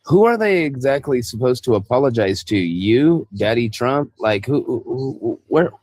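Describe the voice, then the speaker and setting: A man's voice: medium pitch, sing-song, moderate pace, darkish tone, no echo. A man in a live-stream debate, questioning the others in a mocking way. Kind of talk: political debate.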